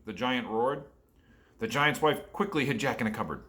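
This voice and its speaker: A man's voice: mid-range voice, normal speed, sharp tone. A man reading a picture book aloud to children and asking them questions along the way. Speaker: storyteller for children.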